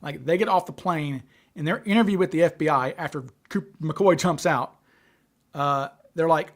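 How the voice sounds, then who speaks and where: A man's voice: on the high side, moderate pace. Stammering man hosting a livestream. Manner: stutters, with frequent repeated words and restarts. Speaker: livestream host. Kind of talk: casual livestream chat.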